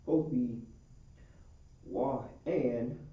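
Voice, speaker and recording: A man's voice: mid-range voice, slow, dull audio. A man, a student, giving short, hesitant answers to the teacher. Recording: very echoey, far from mic.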